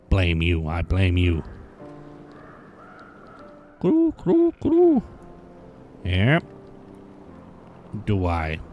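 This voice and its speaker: A man's voice: on the low side, a little mellow. A man giving casual let's play commentary on a hidden-object game, grumbling sarcastically and swearing often.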